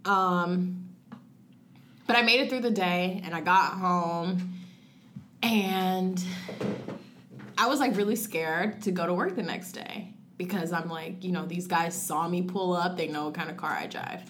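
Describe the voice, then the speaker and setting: A young woman telling a personal story in a casual conversation, filling it with "like" and quoting her own thoughts, rushing some phrases and slowing on others. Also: fairly low pitch, fairly bright tone, a little hiss or hum. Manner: frequent "like" fillers, acts out her own past thoughts in quotes; rushes through phrases, then slows on key words. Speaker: guest sharing a personal story.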